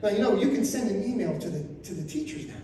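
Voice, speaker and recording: A man in his fifties from Florida doing a stand-up comedy set, telling crude stories with loud animated outbursts. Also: sits high, quick pace, slight background noise. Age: 50s. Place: RV resort event room, live audience. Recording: very echoey room, voice from far off.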